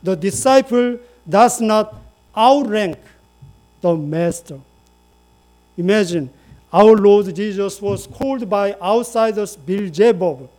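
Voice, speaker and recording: A man's voice: high-pitched, slow, a little mellow. A man preaching a sermon in English, repeating phrases and inviting the congregation to say lines with him. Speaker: pastor.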